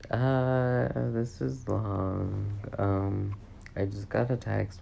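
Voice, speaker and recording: Young woman, casual vlog chat, slow unhurried delivery, rambling, frequent swearing, self-mocking. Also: extremely low pitch, steady tone, creaky, warm tone, a little hiss or hum. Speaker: vlogger.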